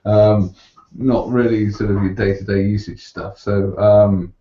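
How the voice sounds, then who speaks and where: A middle-aged man hosting an interview, asking questions in an unhurried, even-toned way. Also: fairly low pitch, echoey room, muffled recording. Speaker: host. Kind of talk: casual interview chat.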